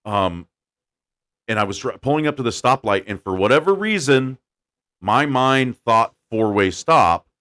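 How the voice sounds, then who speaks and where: A man hosting a casual podcast, telling stories with lively acted-out quotes and blunt opinions. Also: mid-range voice, measured pace. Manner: animated storyteller, acts out quotes. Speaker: podcast host. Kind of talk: casual chat.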